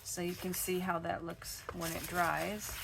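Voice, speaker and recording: A woman with a froggy, gravelly voice, chatting step by step through a crafting tutorial at her home craft desk. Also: fairly low pitch, level tone, unhurried, heavy background noise. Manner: chatty step-by-step explaining while working. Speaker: craft channel host.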